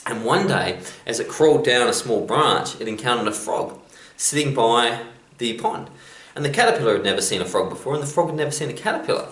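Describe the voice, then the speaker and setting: A man's voice: medium pitch, sing-song, brisk, fairly bright tone, roomy sound. A man giving a chatty motivational talk, telling stories as a self-help vlogger. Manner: chatty storyteller.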